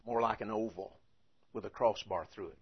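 A man's voice: fairly low pitch, moderate pace, slightly rough, lo-fi sound. A man teaching a lesson, patiently repeating and spelling things out as he goes. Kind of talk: teaching the Greek alphabet.

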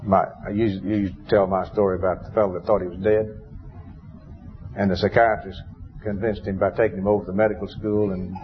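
In a dull lo-fi recording with faint background noise, a man preaches a sermon in a low, flat, brisk voice. His delivery is easy and storytelling-like, now and then bursting into emphatic outbursts.

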